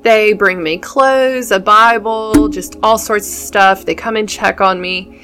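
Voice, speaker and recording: A woman's voice: mid-range voice, fairly even intonation, a little slow, fairly bright tone. Woman guest, earnest testimony, emotional storytelling, some faint music underneath. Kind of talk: telling her faith testimony.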